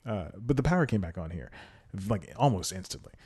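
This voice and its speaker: A man's voice: fairly low pitch, big pitch swings, brisk, a little mellow, slightly rough. A young man hosting his own podcast, chatting casually and rambling, often laughing at himself. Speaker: podcast host. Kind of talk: casual solo podcast chat. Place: home in a storm-hit city.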